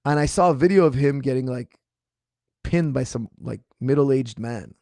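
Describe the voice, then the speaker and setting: Here the martial arts coach speaks at a moderate pace in a mid-range, gravelly, slightly strained voice, responding to viewer questions on a casual livestream. He comes across as animated, incredulous, and mocking, with clean studio sound and no echo.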